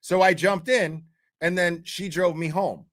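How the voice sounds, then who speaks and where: A man's voice: high-pitched, steady tone, unhurried, a bit bright. A man in his fifties telling a story casually, rambling and swearing, often tossing in "right?" to the listener. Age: 50s. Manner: profane, rambling, keeps checking in with "right?".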